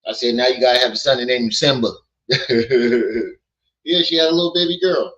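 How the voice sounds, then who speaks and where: A man with a mid-range, slightly bright voice talks at normal speed while hosting a relaxed commentary livestream. He jokes and swears with his chat, and his streaming mic sounds lo-fi.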